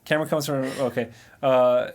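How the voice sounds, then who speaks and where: A man's voice: medium pitch, fairly even intonation, moderate pace, darkish tone. A man co-hosting a podcast, chatting casually about a TV show, joking and restarting his sentences as he rambles. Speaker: podcast co-host. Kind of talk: casual recap chat.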